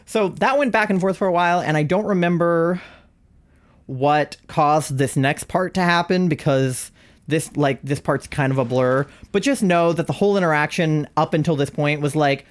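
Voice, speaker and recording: A young adult live streamer casually telling a story to chat, animated and wry, laughing often. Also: normal speed. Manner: animated, laughs often, big swings in pitch.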